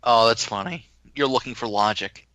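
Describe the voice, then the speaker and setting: A man's voice: medium pitch, moderate pace, pushed and bright, no room sound. A man teasing his co-host with dry, sarcastic remarks in a casual podcast chat.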